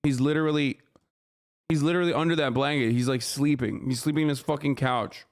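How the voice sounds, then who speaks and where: A man's voice: mid-range voice, steady tone, brisk. A man livestreaming, reacting to a news story with heated, profanity-laden ranting and scolding his chat. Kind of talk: live stream reaction commentary.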